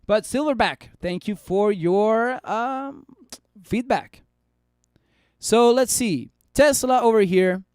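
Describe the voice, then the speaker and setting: Male streamer, high clear voice, casual chart talk, dry close mic. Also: slow pace, a little mellow, no echo. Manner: chatty, bantering with chat. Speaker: stock market streamer. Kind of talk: casual live stock analysis.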